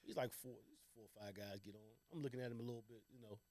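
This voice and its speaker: A young man on a podcast telling a long, slangy story among friends, rambling and quoting others in quick bursts. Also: mid-range voice, steady tone, a little mellow, no echo. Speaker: podcast co-host.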